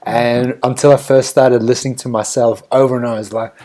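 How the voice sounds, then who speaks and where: A laid-back man with a strong South African accent co-hosts a casual podcast. He tells stories in easy chat, with a medium-pitched voice and a ready laugh. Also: little pitch movement, quick pace, dark tone. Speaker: podcast co-host.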